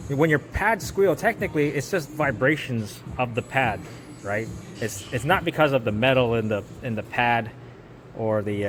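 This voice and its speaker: A man working as a mechanic, giving casual how-to narration while he works, rambling and often repeating words and restarting. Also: mid-range voice. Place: auto repair shop.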